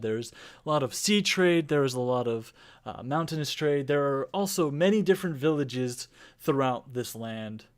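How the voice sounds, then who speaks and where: A man narrating a tabletop game as game master, in loose, rambling speech. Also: mid-range voice.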